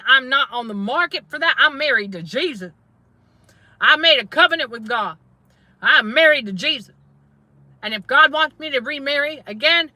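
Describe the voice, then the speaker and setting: A middle-aged woman talks to her viewers in a casual testifying style, repeating key phrases for emphasis. Her voice is high and very bright. The sound is dry and close. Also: no room sound. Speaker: faith-based trauma coach and channel host. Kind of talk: casual livestream preaching.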